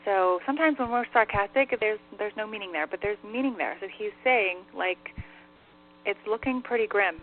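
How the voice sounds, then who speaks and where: This mid-range female voice moves at a normal speed as she works as a medium on a radio call-in program. She chats her way through messages from spirits, laughs readily, and drops "like" often, all over a tinny phone connection with light hiss.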